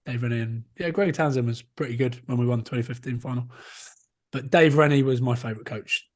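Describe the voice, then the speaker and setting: A man's voice: mid-range voice, a little fast. A man in his thirties, a rugby player co-hosting a podcast, telling jokey self-mocking stories in casual chat.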